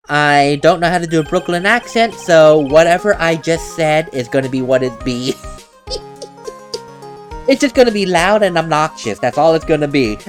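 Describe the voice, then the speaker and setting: Playful woman commenting on a game. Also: sits low. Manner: laughs often, playful. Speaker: let's play host. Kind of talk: casual gameplay commentary.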